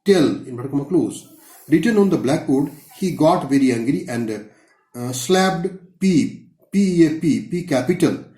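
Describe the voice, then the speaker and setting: A man from India teaches a class, dictating each answer slowly and naming every comma and full stop. His voice sits a little high and sounds mellow. The room around him is echoey. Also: expressive. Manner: dictates slowly, spells out words letter by letter. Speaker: school English teacher. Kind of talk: dictating lesson answers, reading punctuation aloud.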